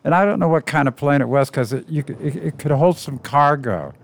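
A man co-hosting a casual podcast, telling a story at a relaxed, rambling pace with lots of "uh" fillers. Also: on the high side, a little fast, a little hiss or hum.

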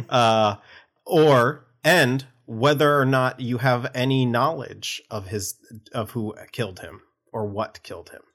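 A man's voice: medium pitch, slow, fairly bright tone. A man playing a tabletop role-playing game, talking casually and laying out his plan. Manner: casual, explaining rules. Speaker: player.

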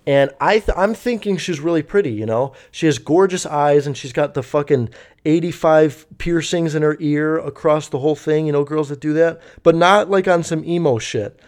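A man's voice: a little high, normal speed, a little mellow. A young man telling a story casually, rambling and swearing with lots of fillers. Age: young adult. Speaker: vlogger.

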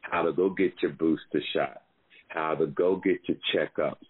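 A man hosting a podcast, chatting casually with a caller and giving life advice in an animated way. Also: extremely low pitch, moderate pace, slightly rough. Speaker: podcast host and comedian. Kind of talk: casual phone chat. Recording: phone-line call audio.

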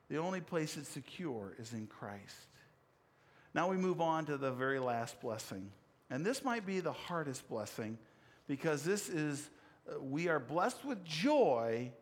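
A man preaching a sermon, explaining scripture in an earnest way and telling a personal story against himself. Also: fairly high pitch. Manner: earnest, explanatory, with self-deprecating anecdote. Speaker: pastor.

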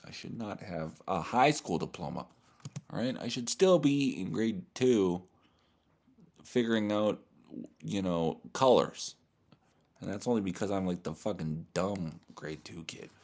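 A comedian and podcast host talking alone, rambling in a profane, self-deprecating way. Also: male voice, sits low, darkish tone. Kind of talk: solo podcast monologue.

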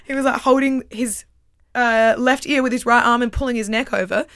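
A woman's voice: on the high side, fairly even intonation, a little fast, a bit bright, slight background noise. A young woman co-hosting a podcast in casual chat, laughing often and swearing casually. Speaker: podcast co-host.

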